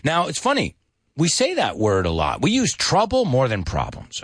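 Man, teacher, husky dry voice, very animated, playful, mixes two languages. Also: medium pitch, unhurried, no room sound. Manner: playful, switches between English and Spanish. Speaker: English teacher. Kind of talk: bilingual language lesson.

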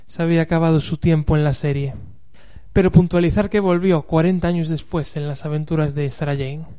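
A host narrates a scripted summary in a measured, even way. His voice is smooth and mellow, and his pitch barely moves. He sits slightly high for a man.

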